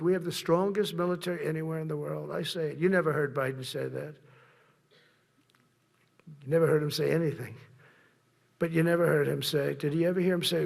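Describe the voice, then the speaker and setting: A man's voice: on the high side, gravelly. An older man giving a rambling, boastful rally speech, repeating himself. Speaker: political speaker.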